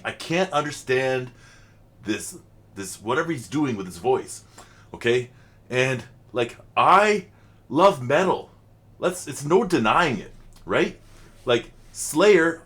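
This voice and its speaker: A middle-aged man hosts a reaction vlog, reacting to music while rambling chattily with frequent fillers. His voice is medium-pitched with a fairly bright tone.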